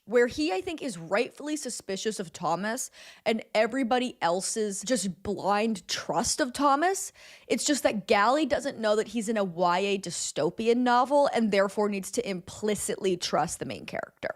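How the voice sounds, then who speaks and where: Young woman, casual streamer chat, sarcastic and chatty, laughs and swears freely. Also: medium pitch. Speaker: streamer recapping a film.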